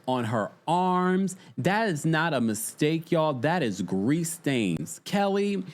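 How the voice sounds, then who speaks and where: Man, podcast host, reality TV recap, exasperated, chatty, fairly high voice, very lively pitch. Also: slow pace. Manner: exasperated, animated, chatty, talks to the chat. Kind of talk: casual reality TV recap chat.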